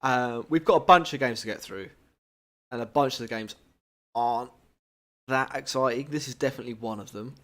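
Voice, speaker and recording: A man's voice: mid-range voice, fairly quick, pauses often, a bit bright. Man co-hosting a cricket podcast chat. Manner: chatty, self-deprecating, leads the conversation with questions. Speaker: podcast co-host.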